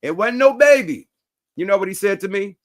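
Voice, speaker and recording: Bay dude telling a wild story, loose slang, voice jumping all over. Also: male voice, high voice, a little fast, no echo, clean studio sound. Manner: animated storyteller, slangy, swears freely, acts out both sides. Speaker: host. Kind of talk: casual storytelling chat.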